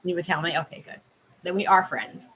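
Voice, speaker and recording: A woman's voice: lowish voice, fairly quick, a bit bright, slight background noise, poor audio. Chatty woman tasting candy on a livestream. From Canada. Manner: chatty, tasting candy while advising viewers. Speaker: life coach livestreaming. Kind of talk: casual livestream chat.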